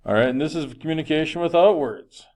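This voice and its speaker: A man's voice: on the high side, fast, darkish tone. A man, a teacher, giving a recorded health lesson in a conversational, projecting voice with frequent fillers. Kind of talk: classroom lecture.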